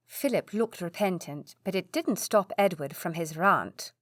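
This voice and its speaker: A woman reading an audiobook in steady scripted narration. Her voice sits a little low, and the recording is very dry and close. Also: unhurried, hardly any pauses, dry recording. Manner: steady storytelling.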